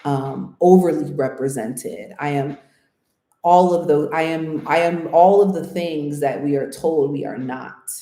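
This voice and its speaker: An earnest woman from the United States thinks aloud in a casual interview, her lowish, mellow voice ringing in a roomy space. She keeps tossing in "right?" as she works through her thoughts. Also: unhurried. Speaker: interviewee, channel host. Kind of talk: casual reflective interview talk. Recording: roomy echo.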